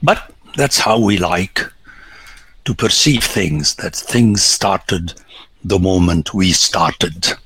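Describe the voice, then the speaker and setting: A man, a priest, giving an emphatic biblical lecture, swinging between loud exclamations and hushed whispers. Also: low-pitched, slightly rough. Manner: slow, deliberate, rhetorical.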